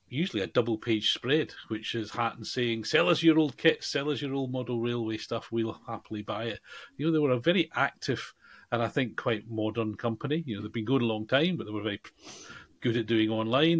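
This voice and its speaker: A man co-hosting a podcast in casual chat, talking in a rambling way with many fillers and restarts. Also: medium pitch. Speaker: podcast co-host.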